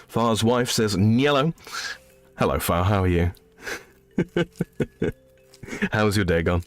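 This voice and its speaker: A man's voice: deep voice, slow, faint music behind. A man in his thirties streaming a game, casually rambling as he reads chat messages aloud and answers them. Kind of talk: casual live-stream chat while gaming.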